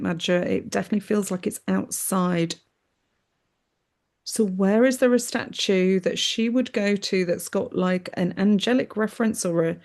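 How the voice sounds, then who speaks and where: A woman medium on a video call, giving a live reading in a gentle, affectionate way. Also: medium pitch. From United Kingdom. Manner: gentle, affectionate, often says "my darling" and "that's what I'm aware of".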